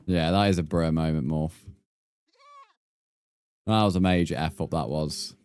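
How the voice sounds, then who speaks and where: A man's voice: very deep voice, steady tone, measured pace, darkish tone, clear, resonant tone. A young man streaming a building game, chatting with viewers, swearing freely and calling everyone mate. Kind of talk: casual gameplay livestream chat. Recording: faint background music.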